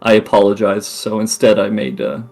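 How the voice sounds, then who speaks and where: A man's voice: lowish voice, lively intonation, moderate pace, vocal fry, a little mellow, faint music behind. A man chatting casually on a voice call with fellow tabletop players, rambling and laughing at himself. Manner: rambling, laughs often, self-mocking.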